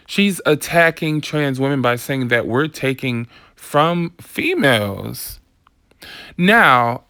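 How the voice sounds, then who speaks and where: A woman's voice: low-pitched, a bit bright, dry recording, clean studio sound. A woman vlogger delivering a casual commentary rant, sassy, blunt and profane.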